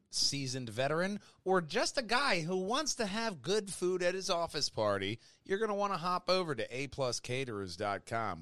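A man's voice: mid-range voice, a bit bright, clean tone, dry recording. A man co-hosting a casual podcast, joking around and sliding into playful ad reads. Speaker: podcast co-host.

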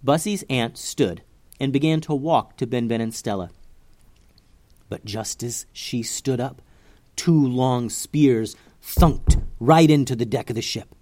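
A man reading a children's adventure story aloud with expressive narration. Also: mid-range voice, slow pace.

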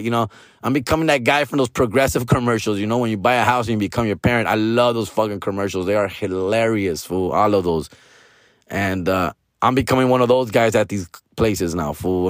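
A comedian in his forties talking casually in a hoarse, raspy voice. He swears freely, drops Spanish slang, and keeps ending lines with "fool" and "bro". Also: on the low side, steady tone, fairly quick, fairly bright tone, no echo, studio quality. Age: 40s. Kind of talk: casual monologue.

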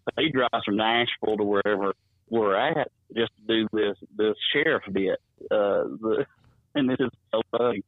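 A wrestling promoter, telling stories in a rambling, chuckling way while calling in to an interview. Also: male voice, on the low side, moderate pace, no echo. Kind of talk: phone-in interview storytelling. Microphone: phone. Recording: tinny dry phone line.

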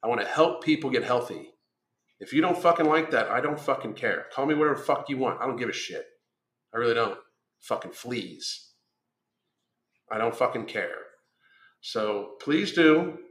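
A man's voice: medium pitch, animated, moderate pace, pauses often, fairly bright tone, reverberant. A man who is a weight-loss coach, delivering a blunt, combative monologue full of swearing. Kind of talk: profane ranting monologue.

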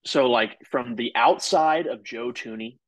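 A man's voice: medium pitch, unhurried, no echo, low-quality recording. A man co-hosting a casual sports podcast, talking in a loose, rambling way full of "like" and "uh" and swearing freely. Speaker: podcast co-host.

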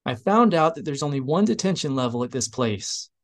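A man voicing a brisk, wry female rebel commando in an audiobook reading. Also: low voice, expressive, pitched above the performer's own voice.

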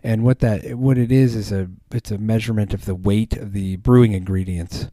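Guy with a lowish mellow voice rambling on his podcast, lots of ums, dry sound. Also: steady tone, normal speed, no echo. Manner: rambling, many fillers and restarts. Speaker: podcast host. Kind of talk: casual chat.

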